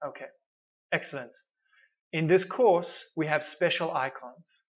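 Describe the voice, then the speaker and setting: A man's voice: a little high, a little slow, slightly rough, muffled recording. A man teaching an online pronunciation course, encouraging and often checking in with "okay".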